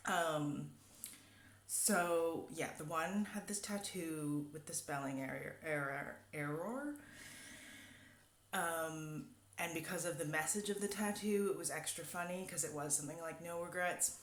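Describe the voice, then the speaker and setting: A woman's voice: sits low, steady tone, moderate pace, slight background noise. A young woman vlogger telling a story casually, rambling with many fillers. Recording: echoey room.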